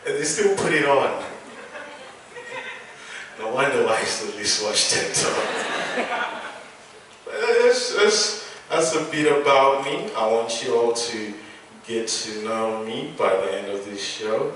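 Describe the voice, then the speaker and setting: A young man from England doing a stand-up comedy routine, animated, with loud punchlines and laughing at his own jokes. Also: mid-range voice, measured pace, pauses often, a little hiss or hum. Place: small theatre stage. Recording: echoey theatre, mic from a distance.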